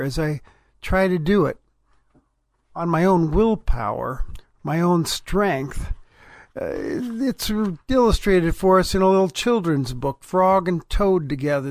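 A pastor speaking a devotional in a plain, confessional way. His voice sits high, and the recording is close and dry with no room sound. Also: no room sound. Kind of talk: devotional sermon talk.

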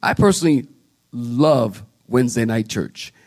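A man's voice: mid-range voice, unhurried. A male pastor preaching a sermon in a church, acting out little quotes as he tells stories. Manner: animated storytelling preacher, acts out quotes. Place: church sanctuary.

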